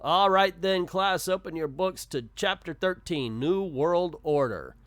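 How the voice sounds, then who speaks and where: A man's voice: high-pitched, animated, measured pace, fairly bright tone, dry recording, pitched above the performer's own voice. Man playing a stern male teacher, stiff, commanding, dry sound. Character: stern male schoolteacher addressing a class.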